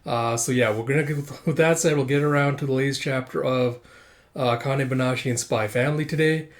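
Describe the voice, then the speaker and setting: A man's voice: medium pitch, steady tone, fairly quick. A man hosting his own channel, casually recapping a manga chapter in a loose style full of "uh" and "like". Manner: loose, filler-heavy, with lots of "uh" and "like". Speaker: host of a manga review channel.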